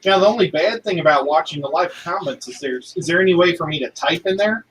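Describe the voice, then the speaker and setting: A man's voice: on the high side, fast talker, a bit bright. A man chatting casually as a guest on a group stream, playful and joking, often poking fun at himself. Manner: playful, joking, self-deprecating. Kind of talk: casual chat. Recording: distant mic with faint background noise.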